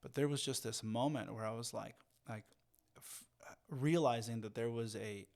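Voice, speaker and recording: A middle-aged man co-hosting a podcast, telling a personal story reflectively and dropping into hushed, calm tones. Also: mid-range voice. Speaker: podcast co-host. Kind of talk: casual conversation.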